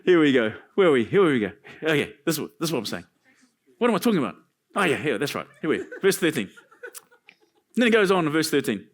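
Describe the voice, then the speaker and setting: An animated male pastor preaching a sermon in a church. His voice sits high for a man and swings widely in pitch. He breaks off into jokes and asides between his points. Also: quick pace.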